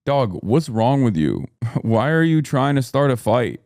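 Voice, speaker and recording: Male streamer, 30s, mid-pitched, blunt and profane casual rant to his chat, dry close mic. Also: lively intonation, unhurried, darkish tone, dry recording.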